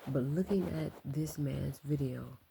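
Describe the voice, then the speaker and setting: A woman talking in a casual late-night vlog, keeping her voice low and soft, reflective and full of ums and likes. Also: unhurried, gravelly, noisy background. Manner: speaking softly and low to keep quiet. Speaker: vlogger.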